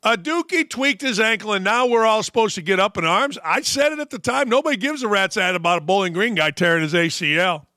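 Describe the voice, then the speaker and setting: A man hosting a sports talk show, ranting with sarcasm and animated swings. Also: high voice, fairly quick, hardly any pauses, no echo, clean studio sound.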